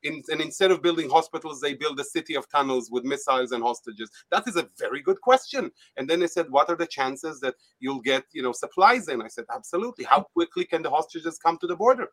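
A man's voice: a little high, animated, fast talker, hardly any pauses, fairly bright tone. A man speaking as a guest in an interview, emotional and pleading, often restarting his sentences. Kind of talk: impassioned interview talk.

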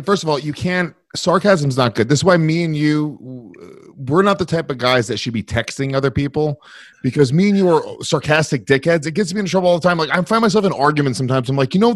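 A man's voice: a little high, no room sound. A man co-hosting a podcast as a comedian, speaking bluntly in casual chat, swearing and laughing easily.

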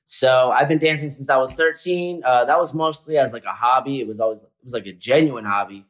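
A man in his twenties, a guest chatting casually in a relaxed, slangy way with lots of filler words. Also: mid-range voice, fairly quick, low-quality recording. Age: 20s. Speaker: guest, comedian and dancer. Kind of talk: casual chat.

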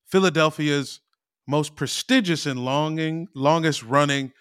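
A man's voice: a little high, a little slow, fairly bright tone, clear, resonant tone, no room sound, clean studio sound. A man reading as a stuffy old banker. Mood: pompous. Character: stuffy old rich male investment bankers.

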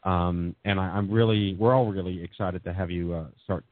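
A man's voice: sits low, steady tone, normal speed, no room sound. Casual male host, wordy and searching, lo-fi phone-quality sound. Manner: rambling, searching for words. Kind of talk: casual talk show. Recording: phone-quality audio with faint music.

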